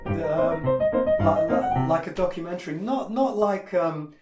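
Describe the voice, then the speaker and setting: A man's voice: fairly high pitch, measured pace. A man teaching a piano piece in a casual tutorial, opinionated and hesitant, with many fillers and restarts. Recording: echoey room with piano playing.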